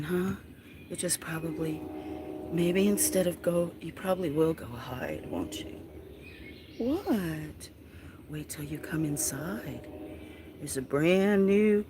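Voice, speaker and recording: Soft-spoken livestream host cooing to a kitten. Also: mid-range voice, noisy background. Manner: soft baby talk to a kitten, often dropping to a whisper. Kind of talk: casual live stream chat.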